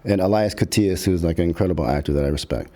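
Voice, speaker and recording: Middle-aged man, lowish voice; animated, profane raconteur who acts out quotes. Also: quick pace. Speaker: podcast guest, filmmaker. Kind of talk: casual storytelling.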